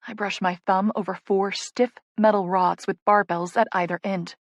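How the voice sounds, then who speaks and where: A woman's voice: medium pitch, steady tone, normal speed, dry recording. A woman narrating a first-person romance audiobook in an intimate, playful way, on a close studio mic.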